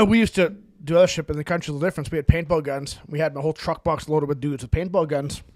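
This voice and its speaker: A man's voice: fairly high pitch, fast, no echo. A man co-hosting a podcast, telling rambling stories in casual chat and laughing through them. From Canada. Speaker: podcast co-host.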